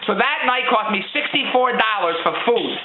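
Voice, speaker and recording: Brief: middle-aged man, vlog rant, high and quick, tinny echoey sound. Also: expressive, background noise. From Philadelphia. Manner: exasperated, joking complaints with rambling repeats. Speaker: vlogger. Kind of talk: casual storytelling rant.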